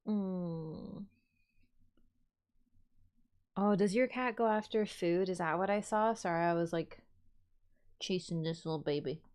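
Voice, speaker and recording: A woman streamer chatting casually to her viewers and cooing to her cat in soft, doting baby talk. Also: fairly low pitch, moderate pace. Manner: coos and baby-talks to her cat, drifting between soft and bright. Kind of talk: casual livestream chat.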